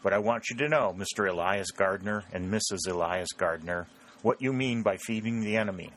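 A shrewd army lieutenant, wheedling and pushy, sits a touch higher than the low voice of the man who puts him on. He probes with sly questions in a storybook reading. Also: moderate pace, a bit bright, a little hiss or hum, rough recording. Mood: probing. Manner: wheedling, vexed.

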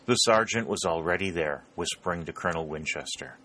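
Male audiobook narrator, low and bright-toned, steady delivery. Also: brisk. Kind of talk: scripted narration.

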